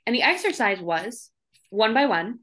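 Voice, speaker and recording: A young woman from the Midwest, a guest actor on a podcast, telling a story in a lively, emphatic way. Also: fairly high pitch, normal speed. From Minnesota, USA. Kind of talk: casual podcast interview.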